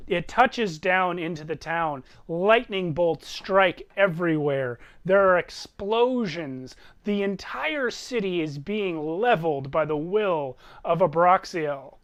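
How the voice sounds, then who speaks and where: A man runs a tabletop game as its game master, telling the story vividly and slowly. His voice is high, bright and very clear. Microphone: online voice call.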